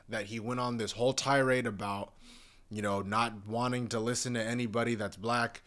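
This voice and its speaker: A man's voice: lowish voice, fairly even intonation, brisk, fairly bright tone. A young man in a casual, profane, rambling rant, talking in an exasperated way. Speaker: commentator.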